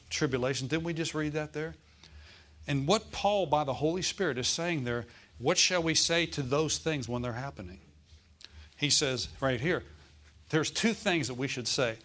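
Preaching pastor, slow scripture reading. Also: male voice, a little high, bright, forceful tone. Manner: preaching with call-and-response, slowing to stress scripture. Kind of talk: sermon. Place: church.

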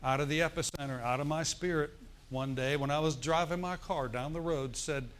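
A man's voice: on the high side, fairly quick, clear, resonant tone. A male pastor preaching a sermon, telling stories and asking the congregation for responses. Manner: preaching with call-and-response asides; animated storytelling, acts out forced laughter.

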